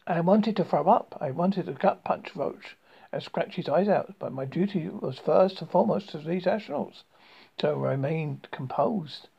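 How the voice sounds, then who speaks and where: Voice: medium pitch, normal speed, gravelly, breathy edge, lo-fi sound. A narrator reading a first-person story aloud in an amateur style, with frequent stumbles and restarts.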